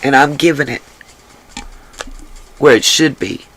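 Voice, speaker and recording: A woman hosting a casual livestream and reading the chat aloud, drained, her voice rough from crying, earnest and emphatic and given to repeating herself. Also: extremely low pitch, unhurried, fairly bright tone, low-quality recording. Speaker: livestream host.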